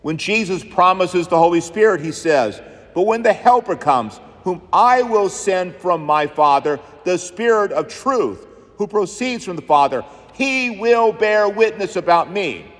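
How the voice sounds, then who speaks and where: A man's voice: sits high, expressive, unhurried, fairly bright tone. Man, pastor, sermon, emphatic, repetitive cadence, church echo. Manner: emphatic, rhythmic preaching with repeated phrases. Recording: long church reverb.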